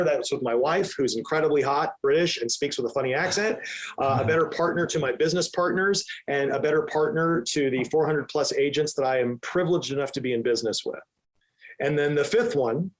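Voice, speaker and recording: A man answering podcast interview questions with emphatic energy, sometimes acting out his own inner voice. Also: mid-range voice. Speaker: real estate team leader, podcast guest.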